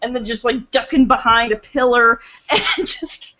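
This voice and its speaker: A woman's voice: fairly high pitch, unhurried, sharp tone. A woman co-hosting a casual podcast, swearing casually and laughing often as she talks. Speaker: podcast co-host. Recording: dull lo-fi podcast audio.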